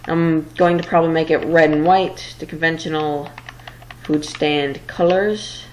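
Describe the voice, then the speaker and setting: A woman's voice: low-pitched, steady tone, measured pace, a little hiss or hum, low-quality recording. A woman giving casual let's-play commentary while building, rambling and a little flustered, tired late at night. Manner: rambling, flustered, self-deprecating. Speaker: gameplay commentator.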